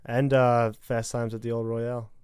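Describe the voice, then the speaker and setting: A man's voice: medium pitch, flat delivery, moderate pace, a little mellow, smooth, dry recording, studio quality. A man co-hosting a podcast in casual chat, joking and laid-back. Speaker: podcast co-host.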